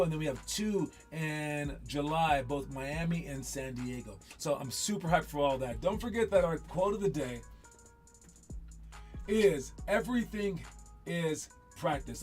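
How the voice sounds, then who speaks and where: A man coaching basketball players in casual talk, animated and joking, often repeating himself. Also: fairly high pitch.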